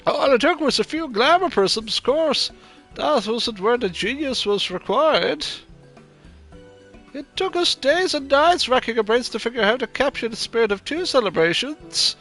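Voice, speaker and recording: A man's voice: extremely high pitch, expressive, normal speed, a bit bright, faint music behind. A man voicing an old, grey-haired male showman, reading game dialogue aloud in a raised put-on old-man voice. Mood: proud.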